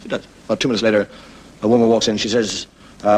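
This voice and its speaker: A man's voice: on the low side, flat delivery, quick pace, a little mellow, breathy edge, low-quality recording. A man with an Irish accent hosting a comedy show, telling stories and jokes in a wry, conversational way. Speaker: comedian host. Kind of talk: stand-up storytelling monologue.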